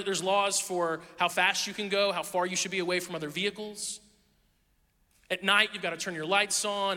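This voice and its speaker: High bright-voiced pastor in a big hall. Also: male voice. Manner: animated, self-deprecating storytelling with laughs. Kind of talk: sermon with personal stories. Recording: long reverb of a large hall.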